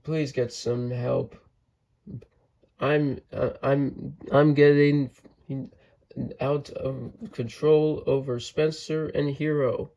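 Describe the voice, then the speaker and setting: A man's voice: medium pitch, steady tone, slow pace, creaky, mellow, muffled recording. A man voicing a cheerful, helpful young male tank engine in a storybook read-aloud, a bit raised and eager. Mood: urgent.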